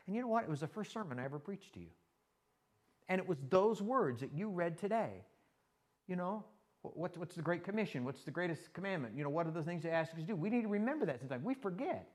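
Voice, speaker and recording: With a mid-range voice and a quick pace, an older pastor gives a relaxed sermon made of stories. He's folksy and animated, reenacting conversations from his own life and quoting those he talks about.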